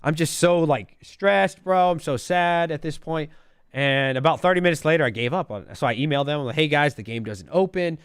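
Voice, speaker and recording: A man's voice: fairly high pitch, a little fast, smooth, dry recording, clean studio sound. A man in his thirties calling in, telling a story in casual chat, full of "bro" and "dude" and imitating alert sounds. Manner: says "bro" and "dude" a lot. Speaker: caller.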